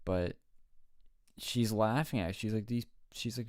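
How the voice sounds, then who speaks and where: A man co-hosting a casual talk show, telling stories excitedly and swearing often. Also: fairly low pitch, normal speed, no echo, studio quality. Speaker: co-host. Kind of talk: casual chat.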